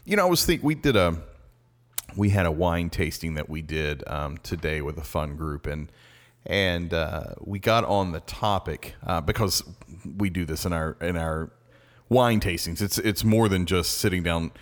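A man with a very low voice co-hosting a casual podcast. He talks in an easygoing, rambling way, full of ums and restarts. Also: expressive, moderate pace. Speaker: podcast co-host. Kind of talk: casual chat.

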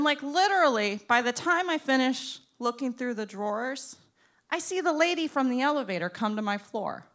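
A young woman from Florida telling a stand-up story, animated and acting out the people she quotes. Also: high-pitched. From Florida, USA. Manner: animated, acts out both sides of conversations. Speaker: storyteller comedian.

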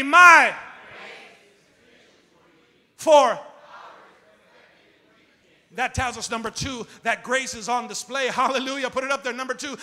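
A man preaching a sermon as pastor, leading the congregation in call-and-response and swinging between shouting and quiet talk. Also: extremely high pitch. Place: church sanctuary. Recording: long reverb of a big hall.

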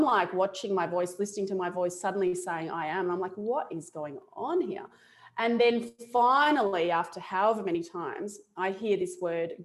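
Animated Australian woman telling her story. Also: medium pitch. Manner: animated, laughs often, acts out her own past thoughts. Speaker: interview guest. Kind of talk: casual storytelling interview.

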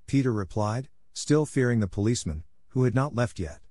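A man narrating a classic novel as a steady audiobook reading for English learners, sometimes reading punctuation marks aloud. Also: medium pitch, fairly quick, hardly any pauses, no echo.

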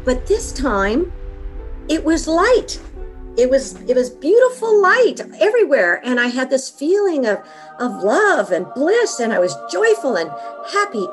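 A middle-aged woman telling her own story as an interview guest, with earnest, vivid storytelling. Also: high voice.

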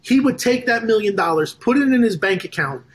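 A man's voice: high-pitched, brisk. A man, a business funder, telling a story in a casual podcast interview, rambling with restarts and acting out quoted conversations. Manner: animated storyteller who acts out quoted conversations.

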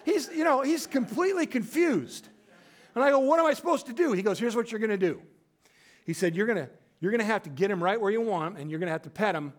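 A male pastor preaching a sermon in a storytelling way, acting out quoted voices and dropping to a quiet, low voice for emphasis. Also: animated, fast talker.

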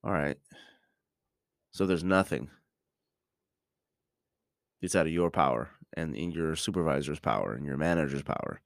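A middle-aged man with a very low voice muses aloud on his podcast, stopping and restarting his sentences often. He is recorded close and dry, with no room sound behind him. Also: gravelly, no echo. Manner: halting, many restarts and ums, reflective. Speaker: podcast host. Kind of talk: casual reflective monologue.

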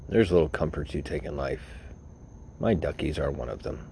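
A man with a low, deep voice goes off on a sarcastic, rambling comedic rant. He swears freely and wanders between points. Faint noise sits underneath. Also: animated, moderate pace, gravelly, dark tone. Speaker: podcast host.

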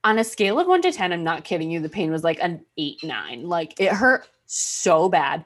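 A woman hosting a podcast, telling a story in casual chat, animated, swearing freely and acting out what she said. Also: fairly low pitch, brisk, few pauses. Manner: animated, swears freely, acts out her own past remarks. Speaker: podcast host.

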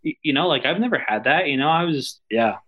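A man's voice: on the high side, expressive, fast talker, narrow, tinny audio. A man, an army veteran, telling stories in a loose, casual interview, swearing freely and full of fillers and asides.

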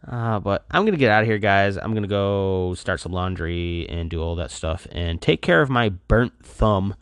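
A man's voice: low-pitched, lively intonation, normal speed, hardly any pauses, smooth, no echo, clean studio sound. A worn-out man rambling loosely through a casual solo podcast from his apartment, full of fillers. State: tired, worn out. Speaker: podcast host.

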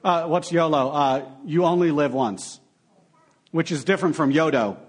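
A young adult man preaching a sermon, animated and full of sarcastic asides. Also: a little high, moderate pace, slightly rough. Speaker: pastor.

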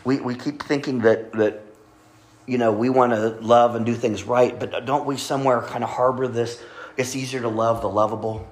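A man preaching a sermon at a moderate pitch, earnest and conversational. He often stumbles into his words and restarts them, and he leans into his key points. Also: fairly even intonation, normal speed. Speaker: pastor.

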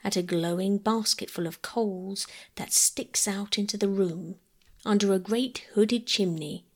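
A woman storyteller reading a classic children's novel aloud as a calm bedtime story. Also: medium pitch, unhurried.

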